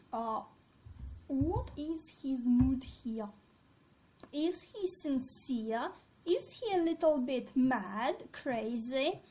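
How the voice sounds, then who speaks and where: A woman's voice: high voice, a little mellow, poor audio. A woman teaching a discussion lesson on a play, asking her students questions and reading quoted lines aloud.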